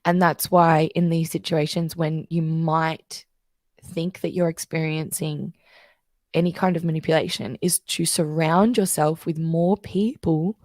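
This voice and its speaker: A woman's voice: low voice, steady tone, measured pace, darkish tone, no echo, studio quality. A woman guest coach explaining things in casual interview chat, telling stories and acting out the voices she quotes.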